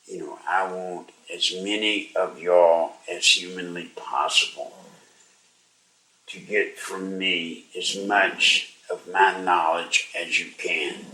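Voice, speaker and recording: An older man hosting a talk radio show, sounding weak and unwell as he slowly urges and pleads with listeners. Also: deep voice, bright, forceful tone, reverberant, far from the mic, rough recording. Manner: slow, strained, pleading and urging listeners to act. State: weak and unwell, struggling to speak. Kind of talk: live talk radio monologue.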